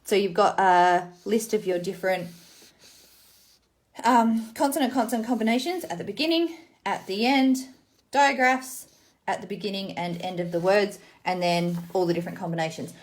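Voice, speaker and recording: A woman walks through phonics card games in a relaxed, chatty tutorial. She sounds words out letter by letter before reading them whole, then explains the rules briskly. Her voice sits at an ordinary middle pitch. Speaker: teacher demonstrating literacy games. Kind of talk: casual tutorial demonstration.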